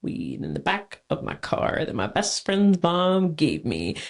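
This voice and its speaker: Woman guest, lowish voice that swings widely, laughs through her own lively stories. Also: a little slow. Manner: animated, laughs often, acts out voices. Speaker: podcast guest. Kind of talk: casual storytelling.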